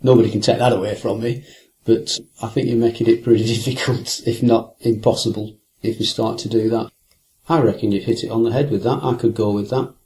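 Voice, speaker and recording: Speaking a little fast in a fairly low, darkish voice with a steady tone, an older angler recounts fishing stories for an interview. He rambles reflectively, with many hesitations and restarts.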